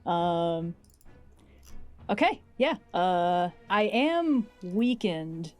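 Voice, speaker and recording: A woman's voice: lowish voice, very animated, extremely slow, darkish tone, soft background music. Chatty woman playing a tabletop game. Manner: chatty, thinks aloud about rules. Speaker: player. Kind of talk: casual tabletop play.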